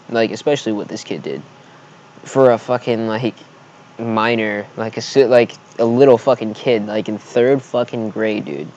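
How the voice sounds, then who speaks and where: A man in a storytime vlog, his voice sitting at an ordinary middle pitch. He rambles heatedly and swears constantly. The recording sounds a little dull and muffled. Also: a little mellow, slight background noise. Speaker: vlogger.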